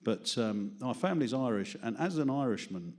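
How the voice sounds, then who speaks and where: A man's voice: mid-range voice, animated, normal speed, a little mellow. Rambling London man doing stand-up. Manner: self-deprecating, rambling, laughs at own jokes. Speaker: open mic performer. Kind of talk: stand-up comedy and poetry reading. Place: small studio with live audience.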